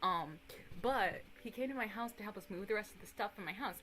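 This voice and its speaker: A young woman in her twenties streaming casual chat, rambling and animated, swearing casually and breaking into excited impressions of others. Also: medium pitch, fast talker, faint music behind, poor audio.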